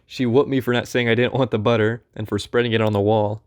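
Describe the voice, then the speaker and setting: Man, audiobook narrator, first-person memoir, mid-pitched voice, conversational telling. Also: level tone, quick pace.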